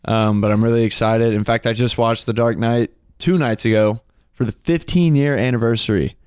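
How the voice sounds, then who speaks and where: A young man in his twenties chats casually as a podcast co-host, joking and excitable, swearing freely. His voice is smooth and resonant, recorded dry and close with no room sound. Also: medium pitch, moderate pace, dry recording. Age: 20s. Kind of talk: casual chat.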